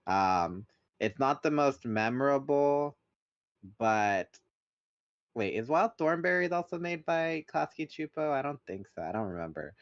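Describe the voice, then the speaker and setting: A man's voice: medium pitch, animated, a little slow, no echo, highs cut off. A man chatting as a podcast guest, rambling loosely and laughing mid-sentence. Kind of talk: casual chat.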